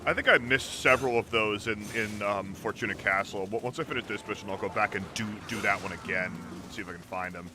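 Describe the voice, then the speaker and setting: A man's voice: on the low side, fast, hardly any pauses, background noise. A man streaming a video game, chatting casually and rambling, often repeating words. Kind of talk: casual chat while gaming. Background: game music.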